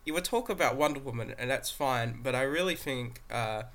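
A man's voice: mid-range voice, a little fast, fairly bright tone. A man co-hosting a podcast, cracking goofy, teasing jokes in casual chat. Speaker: podcast co-host.

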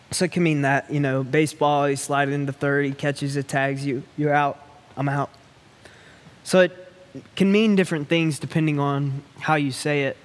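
A man preaching a sermon in a lively, conversational way, repeating phrases for effect. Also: on the high side, normal speed, big-room sound. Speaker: pastor.

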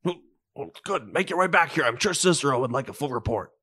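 A gruff, curt mercenary answering over a comm line, played by a man. His voice sits at a middle pitch, without much put on. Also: animated, fast, sharp tone.

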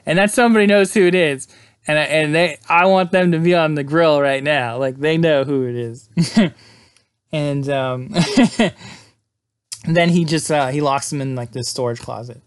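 A man's voice: medium pitch, clear, resonant tone, no room sound. A man casually recapping a movie scene by scene, rambling with lots of fillers and quoting characters along the way. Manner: rambling, lots of "like" and "uh", laughs often.

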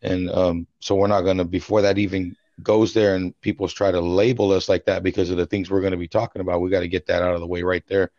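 A man with a lowish voice, rambling through a story in casual slang-heavy chat, swearing freely. The recording is dry and a little muffled. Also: level tone, quick pace, few pauses, darkish tone, dry recording. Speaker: podcast co-host.

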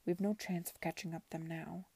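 Woman playing a weary scornful gentleman, clipped, low, half-whispered, husky. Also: little pitch movement, moderate pace, no echo. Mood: bitter.

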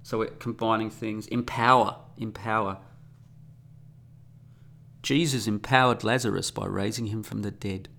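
A man with a low, gravelly voice rambles through a solo podcast monologue. He is sarcastic and mocking, and often drops into a muttering aside. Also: steady tone, brisk, hardly any pauses, a bit bright. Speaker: podcast host.

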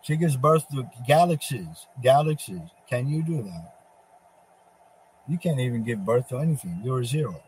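A man's voice: medium pitch, lively intonation, normal speed, a little mellow, slight background noise, poor audio. A man giving a profane, mocking religious monologue, speaking as a divine figure taunting Satan. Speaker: religious preacher.

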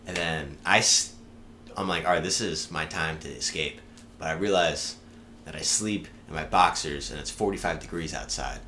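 Very low-voiced man telling stories. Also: moderate pace, sharp tone, slight background noise. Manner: rambling, swears freely, laughs through stories. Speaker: podcast guest. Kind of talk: casual storytelling.

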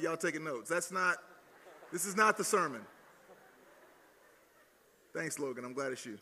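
Southern male pastor, bright and forceful voice, joking with the crowd, big hall reverb. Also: on the high side, brisk, long pauses. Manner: jokey, teasing, energetic with crowd. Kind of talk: playful sermon with audience demo. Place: large hall at student gathering.

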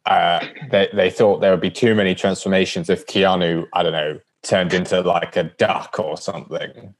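A man with a fairly low voice chats about films on a podcast. He jokes freely and slips into quick put-on quotes of characters. His tone stays loose and conversational. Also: fairly even intonation. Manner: joking, acts out quotes in character. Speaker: podcast co-host. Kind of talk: casual film discussion.

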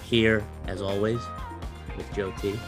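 A man hosting a casual podcast chat, animated and quick to laugh as he prods his co-hosts. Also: on the low side, over music. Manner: animated, laughs often, eager prodding. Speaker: podcast host.

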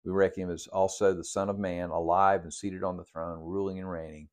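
Male pastor, very low voice, teaching style, walks through numbered questions. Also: level tone, a little fast, darkish tone. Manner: works through numbered study questions, with restarts. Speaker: pastor leading a Bible study. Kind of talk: sermon.

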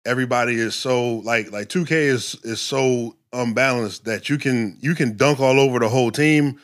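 Brief: man of mid pitch, podcast co-host, swearing freely, animated and rambling. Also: moderate pace. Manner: loose, profane, animated storytelling; sprinkles "you know what I'm saying" and "yo". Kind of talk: casual chat.

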